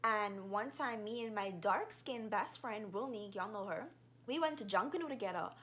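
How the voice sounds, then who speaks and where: A young Bahamian woman in her twenties talks straight to her viewers in a casual vlog. She tells stories at a fast, lively clip, with her voice sitting at an ordinary middle pitch. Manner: fast-talking, animated storyteller.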